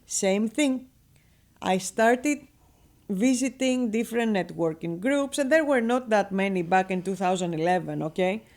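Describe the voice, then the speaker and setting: A woman with a Greek accent, a guest on a radio interview, telling her business story in a lively, chatty way and laughing often. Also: mid-range voice, a little slow. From Greece. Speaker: guest, real estate broker.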